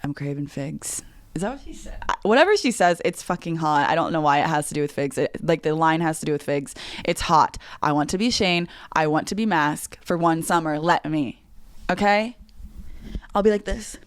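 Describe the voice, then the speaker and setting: A woman's voice: sits low, lively intonation, fairly quick, no echo. A woman in her twenties hosting a podcast, chatting casually in a giggly, rambling, self-mocking way. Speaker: podcast host. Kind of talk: casual chat.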